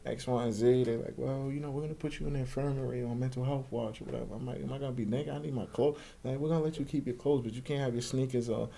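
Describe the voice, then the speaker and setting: A man's voice: medium pitch, quick pace, gravelly, few pauses, a little hiss or hum. A young man telling his life story as a guest in a casual interview, acting out quoted voices and swearing freely. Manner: animated, acts out quoted voices, profane street slang.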